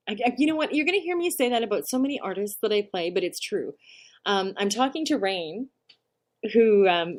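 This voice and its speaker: Chatty woman hosting a music show. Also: on the low side. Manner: chatty and rambling, laughs often. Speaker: host of an indie music show. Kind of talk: casual chat introducing songs. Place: home during a storm.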